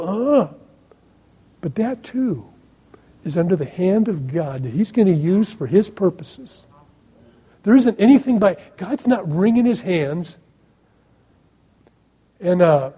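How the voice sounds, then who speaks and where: A man's voice: high voice, mellow, husky. A man preaching a sermon in a conversational way, asking his listeners questions and making sarcastic asides. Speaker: pastor.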